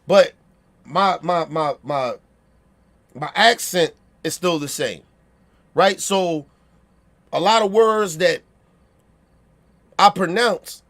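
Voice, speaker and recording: A man's voice: high voice, takes it slowly, pauses often, a bit bright. A man with a Baltimore accent giving a blunt, profane opinion rant, repeating himself and checking that listeners agree.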